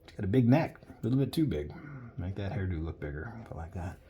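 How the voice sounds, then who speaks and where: A man's voice: low-pitched, lively intonation, fast talker, warm tone, slight background noise. A man chatting casually while he sketches live, rambling into jokey stories as he goes. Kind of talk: casual commentary while drawing.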